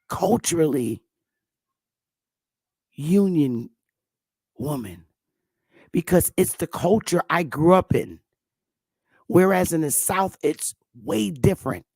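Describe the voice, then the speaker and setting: A woman from Connecticut hosts a casual talk and speaks slowly and deliberately, with a gravelly edge to her voice. Her manner is emphatic and outspoken. The sound is dry and close, with no room around it. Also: on the low side, darkish tone, no echo. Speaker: host. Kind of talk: casual conversation.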